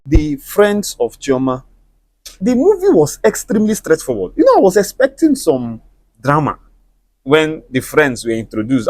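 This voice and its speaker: A man's voice: a little high, darkish tone, no room sound. A Nigerian man with an Igbo accent, a native Igbo speaker, chatting in a casual, opinionated movie review and lecturing the listener with conversational tags.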